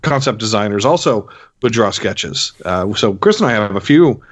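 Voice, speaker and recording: A man's voice: lowish voice, animated, normal speed. A man co-hosting a podcast, rambling enthusiastically about his collectibles in casual chat. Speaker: podcast co-host.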